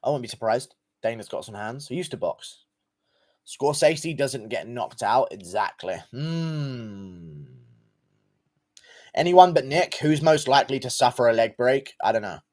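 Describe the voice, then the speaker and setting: A man of middle pitch hosts a relaxed livestream chat. He rambles through his thoughts with plenty of fillers and casual swearing, sounding easygoing and unpolished. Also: normal speed. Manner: laid-back, profane, rambling with fillers. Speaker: livestream host reading donations.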